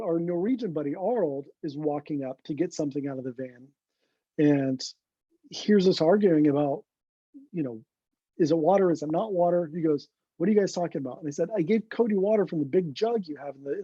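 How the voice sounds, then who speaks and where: A man, a guest photographer, telling an animated story in an interview and acting out what his friends said. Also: fairly high pitch, a little fast, slightly rough, dry recording. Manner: animated anecdote teller, acts out quoted friends. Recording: dull lo-fi recording.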